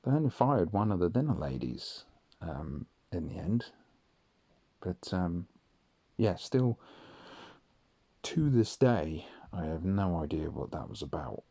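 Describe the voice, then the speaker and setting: Man, mellow and dark-toned, telling slow, rambling stories with frequent ums. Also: low-pitched, very animated, breathy edge, dry recording. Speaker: vlogger. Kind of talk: late-night rambling storytelling.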